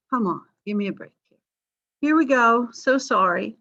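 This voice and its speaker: A woman's voice: mid-range voice, lively intonation, normal speed, long pauses, a bit bright. Chatty woman lecturing over a dull mic. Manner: chatty and self-deprecating, with frequent ums. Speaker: college history instructor. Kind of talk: recorded online lecture.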